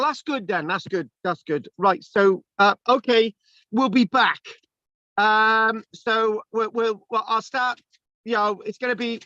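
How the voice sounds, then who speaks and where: Guy teaching history on a video call, high voice, jokey, stumbles a lot, dry dull sound. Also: pushed and bright, dry recording. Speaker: history lecturer. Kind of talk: teasing online class.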